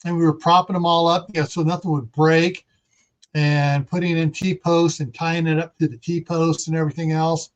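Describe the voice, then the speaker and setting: A man's voice: a little high, flat delivery, moderate pace. A man hosting a casual livestream, chatting in a rambling, folksy way. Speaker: livestream host. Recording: dull lo-fi stream audio.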